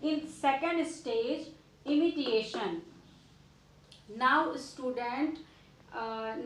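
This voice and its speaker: A woman teacher with an Indian English accent, lecturing students in a deliberate way with frequent fillers and restarts. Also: high voice, reverberant, a little hiss or hum, poor audio. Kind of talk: classroom lecture.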